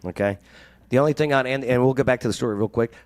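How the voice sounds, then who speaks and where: A man's voice: medium pitch, very fast, no echo. A man co-hosting a talk show, joking and teasing while reading ads. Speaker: radio show co-host. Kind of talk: casual banter and ad reads.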